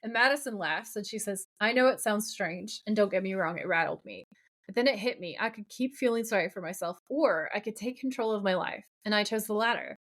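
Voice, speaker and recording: Here a woman with a mid-range voice talks briskly as a podcast co-host. She walks through a TV episode in relaxed chat, acting out what the characters say with lively energy.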